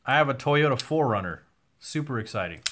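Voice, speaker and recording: A man's voice: mid-range voice, animated, a little fast, a bit bright, slight background noise. A young man answering viewer questions on a casual livestream, candid and a bit profane, his voice wearing out. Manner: candid, swears now and then, reads chat questions aloud. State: losing his voice.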